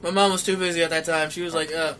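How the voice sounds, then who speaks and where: A young man co-hosting a casual podcast, telling a story with lots of swearing and acting out the quotes in an animated way. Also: a little high, fast, slight background noise. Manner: animated, profane, acts out quotes. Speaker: podcast co-host.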